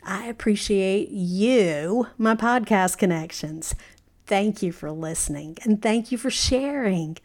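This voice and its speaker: A woman's voice: mid-range voice, slow. A middle-aged woman hosting a podcast, giving an encouraging talk and telling stories, often saying "you know" and laughing now and then. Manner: warm storytelling with frequent "you know" and laughs. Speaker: podcast host. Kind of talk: motivational podcast monologue.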